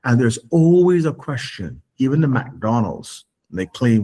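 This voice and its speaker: A man's voice: medium pitch, sing-song, measured pace, few pauses, dark tone. Emphatic man repeating himself in interview. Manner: emphatic, repeats words when pressing a point; acts out imagined questions in a raised voice. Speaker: guest. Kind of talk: interview conversation.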